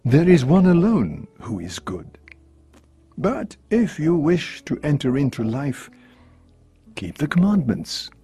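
A man reading the words of a calm male teacher giving moral counsel, in a measured, solemn way. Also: fairly high pitch, husky, soft background music, pitched above the performer's own voice, exaggerated voice. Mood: gentle, earnest.

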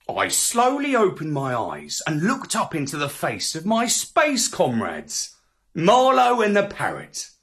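A man narrating a children's story in an expressive, theatrical way. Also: high-pitched, unhurried, slightly rough. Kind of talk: scripted narration.

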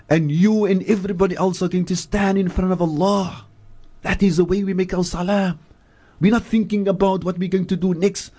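A South African man teaching faith on the radio, his voice sitting fairly high for a man yet soft and mellow in tone. He intones verses slowly and deliberately, then explains them earnestly, repeating key words for weight, in a studio setting. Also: slightly rough. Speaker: Islamic scholar and regular radio guest.

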